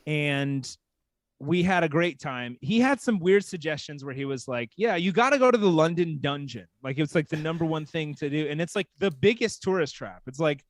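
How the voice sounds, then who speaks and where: A man from small-town Texas telling a casual story as a podcast guest, animated and full of "like". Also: on the high side, moderate pace, no room sound. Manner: animated, heavy use of "like".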